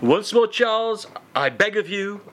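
A man's voice: high voice, expressive, unhurried, background noise. A man hosting a comedy radio show, talking in a theatrical, mock-grand way with swooping emphasis. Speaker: radio host. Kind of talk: comic radio chat.

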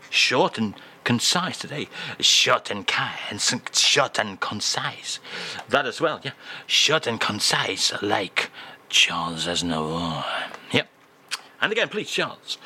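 A man hosting a comic radio feature, playful and mock-grand, easily excited. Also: a little high, unhurried, slightly rough. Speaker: radio host.

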